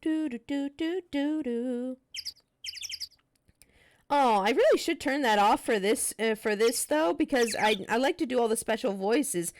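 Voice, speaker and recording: A woman streamer chatting casually with her viewers, in a chatty, relaxed and apologetic manner. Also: sits high, unhurried, a little hiss or hum. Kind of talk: casual live-stream chat.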